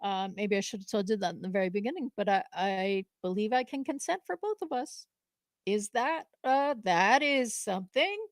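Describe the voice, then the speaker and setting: A woman's voice: medium pitch, dry recording. A woman from New England chats live as a co-host, stopping and restarting often, with ums and easy laughter. Her voice sits mid-range and sounds dry and close. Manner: halting, many fillers, frequent laughs. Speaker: podcast co-host. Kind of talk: live casual conversation.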